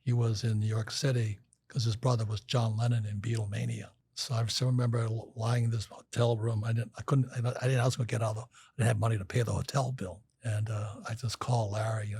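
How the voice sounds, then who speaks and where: A man's voice: on the low side, level tone, fast, creaky, few pauses, a little mellow, breathy edge, no echo. An older man telling rambling stories in a casual interview, acting out quotes with frequent restarts. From Hawaii. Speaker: guest.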